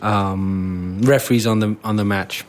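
A man's voice: fairly low pitch, fairly even intonation, unhurried, a little hiss or hum. A man co-hosting a radio show, chatting casually and hesitantly, with many fillers. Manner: hesitant, lots of fillers and restarts. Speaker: radio co-host.

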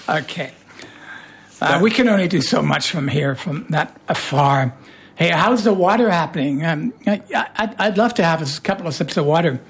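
A radio show host with a hoarse voice, chatting casually in a playful, teasing way. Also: mid-range voice, expressive, fairly quick.

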